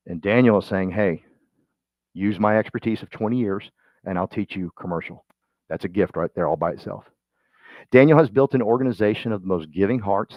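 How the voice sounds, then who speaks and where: A man giving a motivational real estate training talk, folksy and energetic, swinging from loud bursts to quiet asides. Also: on the low side, dry recording. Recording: dull muffled sound, dry.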